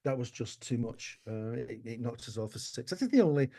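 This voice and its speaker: A man in his sixties, a musician guest telling stories in an interview, animated and swearing casually. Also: medium pitch, brisk, vocal fry. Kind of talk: anecdotal interview storytelling.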